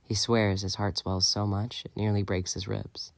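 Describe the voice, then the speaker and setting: A hoarse man reading a fan fiction audiobook in a soft, steady storytelling manner on a close mic. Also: lowish voice, normal speed, few pauses, dry recording. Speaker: audiobook reader.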